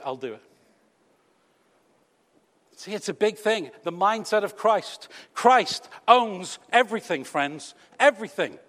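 British man, preacher, sermon, conversational, teasing, rhetorical questions, fairly high voice, long church hall echo. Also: fairly bright tone. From Britain.

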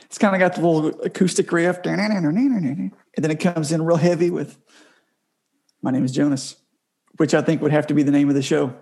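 A man in a casual podcast chat, jokey and quick to laugh. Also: fairly high pitch, fairly even intonation, vocal fry, a little mellow. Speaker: church staff member.

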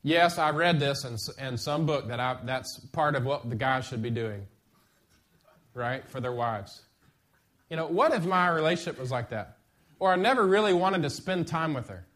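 A middle-aged man preaching a sermon as pastor, lively and conversational, with sudden bursts of emphasis. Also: fairly high pitch, normal speed.

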